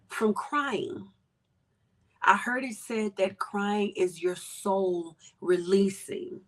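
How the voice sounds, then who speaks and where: A woman hosting a podcast, talking earnestly and with emotion, sometimes dropping to a soft whisper. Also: medium pitch, breathy edge. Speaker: podcast host. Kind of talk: candid personal reflection.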